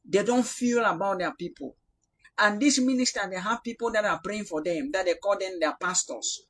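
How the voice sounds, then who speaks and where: A young Cameroonian man from the Northwest preaching a prophetic sermon, swinging from loud rebuke to quiet prayer. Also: high-pitched, moderate pace. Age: young adult.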